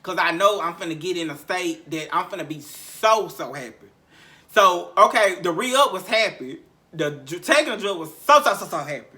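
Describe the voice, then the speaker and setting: Bright-voiced man telling a raw story. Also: sits high, animated, moderate pace. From Memphis, Tennessee. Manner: profane, repetitive, heavy sighs, emotional recounting. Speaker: podcast host. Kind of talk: candid storytelling monologue.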